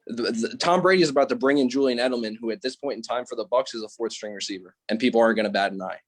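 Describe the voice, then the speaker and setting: A man's voice: medium pitch, very fast, no room sound. A young man on a sports podcast, hesitating often and filling his points with "like" as he argues. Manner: hesitant, restarts often, many "like"s. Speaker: podcast co-host. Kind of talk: casual sports debate.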